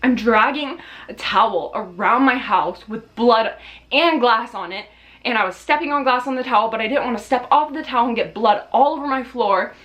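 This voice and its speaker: A woman vlogger with a slightly high voice tells a storytime in a loose, chatty way. She is dramatic and swears freely, and she laughs as she goes. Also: moderate pace, fairly bright tone. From Australia. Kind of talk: casual storytime.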